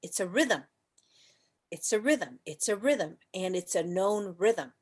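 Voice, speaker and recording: Yoga teacher, woman, chatty and playful, lots of rhetorical questions, leads soft chants. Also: lowish voice, lively intonation, a little slow. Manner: soft chanting and whispering at times. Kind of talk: teaching an online class.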